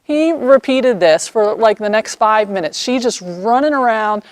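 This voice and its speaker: A woman's voice: fairly high pitch, lively intonation, measured pace, no room sound. Woman practitioner telling a story outside, dry close sound, acts out the people in it. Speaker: equine therapy practitioner. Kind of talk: storytelling vlog. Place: outdoors by horses.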